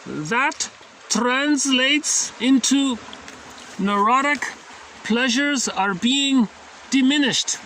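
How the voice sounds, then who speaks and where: A man putting on a German accent to play a stern older male psychoanalyst, speaking slowly and with mock seriousness. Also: extremely high pitch, lively intonation, bright, forceful tone, a little hiss or hum, voice pushed up, full character voice. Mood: dry, probing. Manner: slow, deliberate, mock-serious.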